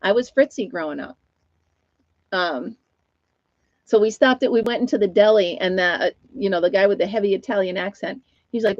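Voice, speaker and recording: A woman's voice: mid-range voice, moderate pace, long pauses, no echo. Middle-aged woman host, Upstate New York accent, laughs a lot, casual live chat with viewers, dry muffled home mic. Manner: chatty, laughs often, talks to her dog and viewers. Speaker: livestream host.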